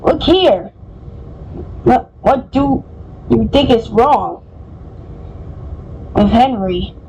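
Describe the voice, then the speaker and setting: A woman's voice: a little high, animated, drawn-out words, noisy background, heavily acted. Woman doing a stern stout railway boss. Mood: concerned.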